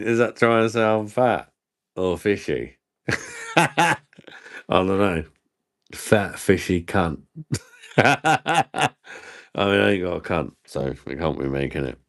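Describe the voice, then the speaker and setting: A man hosting a casual livestream chat, trading crude, self-mocking banter and laughing often. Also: on the low side. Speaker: livestream host.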